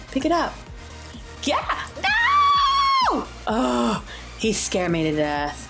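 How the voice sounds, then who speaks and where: A young woman giving excitable, jokey Let's Play commentary as a gaming YouTuber, often exclaiming and shrieking. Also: mid-range voice. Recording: faint game music behind.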